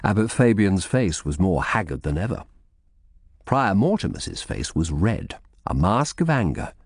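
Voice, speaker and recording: A man reads a historical mystery aloud in the first person, measured and steady. His voice is low yet lively in pitch. The recording is dry, with no room sound. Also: breathy edge, no room sound. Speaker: audiobook narrator. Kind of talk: scripted first-person narration.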